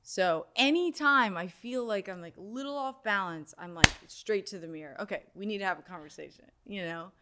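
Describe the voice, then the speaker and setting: A young adult woman, a sound healer, talking casually in an interview and telling a personal story in an animated way, with many "like"s. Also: mid-range voice, brisk, few pauses, heavy background noise.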